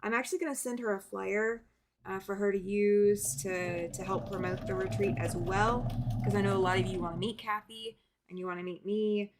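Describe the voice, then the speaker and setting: A woman hosts a live stream in a casual, chatty way. She talks loosely and upbeat at a middle pitch, greeting viewers by name as she goes. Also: fairly even intonation, moderate pace, background noise. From American South. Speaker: quilting livestream host.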